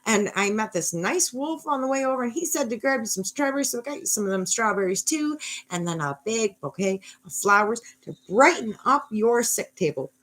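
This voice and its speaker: Brief: naive little girl in a red hood, put on by a woman, Southern lilt, high and sing-song, loud and bright. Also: animated, brisk. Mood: chirpy.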